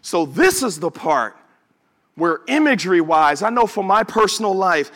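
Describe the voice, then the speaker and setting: High, lively-voiced male preacher. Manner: emphatic, with drawn-out words and sudden shouts; conversational asides to the congregation. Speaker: pastor. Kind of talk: sermon. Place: church service before a congregation.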